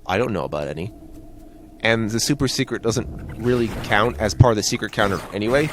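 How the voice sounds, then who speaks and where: A man with a Midwestern American accent talks over his gameplay in a loose, rambling way, drifting from joke to tangent. His voice sits fairly low. A faint hum sits under him. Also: a little fast. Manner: rambling, jokey, wanders off on tangents. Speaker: let's play host. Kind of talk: casual gameplay commentary.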